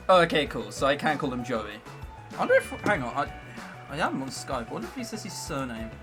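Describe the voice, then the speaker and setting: Lively-voiced English man streaming. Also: mid-range voice, brisk, over music. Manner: joking, self-mocking, chatty. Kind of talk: casual livestream commentary.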